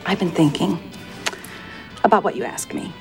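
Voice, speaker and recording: A flustered, gentle mother. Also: lowish voice, lively intonation, moderate pace, over music. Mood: awkward. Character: gentle nervous mother of a naive girl. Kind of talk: film dialogue.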